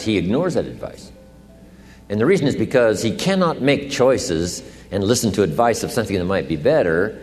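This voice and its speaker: A man's voice: fairly low pitch, sing-song, normal speed, darkish tone, long reverb tail, faint music behind. A man giving a motivational lecture, posing questions and answering them himself. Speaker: motivational speaker.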